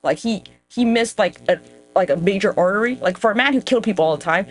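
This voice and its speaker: A woman's voice: medium pitch, fast, faint music behind. A woman hosting her own podcast, rambling in a casual, profane, self-mocking monologue aimed straight at her viewers. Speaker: podcast host.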